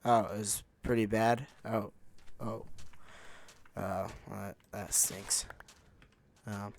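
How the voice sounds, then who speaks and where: Slow, rambling young man gaming. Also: on the low side, fairly even intonation, fairly bright tone. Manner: rambling and unhurried, with many fillers. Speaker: gaming channel host. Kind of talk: casual gameplay commentary.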